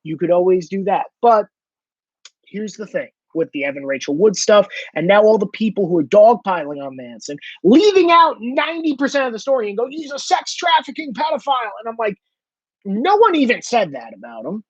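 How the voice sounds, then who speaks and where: A man's voice: high voice, sing-song, a little fast, breathy edge, dry recording. A man hosting a ranting commentary monologue, profane and mocking, with a slightly dull lo-fi sound. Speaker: host.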